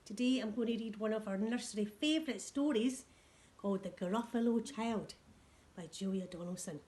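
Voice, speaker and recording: A woman nursery teacher reading a picture book to young children in a clear, sing-song read-aloud voice. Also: medium pitch, moderate pace, dark tone.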